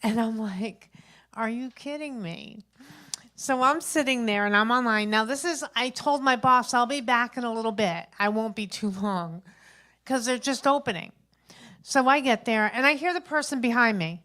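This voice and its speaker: A woman in her fifties delivers a rambling stand-up story at a small open mic. Her voice sits a little high, and she is chatty and animated, slipping into the voices of the people she describes. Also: normal speed. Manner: chatty, animated retelling with acted-out quotes. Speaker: stand-up comedian. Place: open mic stage at a local venue.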